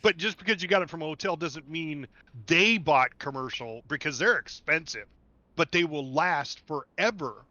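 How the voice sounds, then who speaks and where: A man hosting a casual gaming livestream, talkative and quick to laugh as he explains things at length. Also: fairly high pitch, lively intonation, bright, forceful tone, no echo, highs cut off. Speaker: livestream host. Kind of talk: casual gaming stream chat.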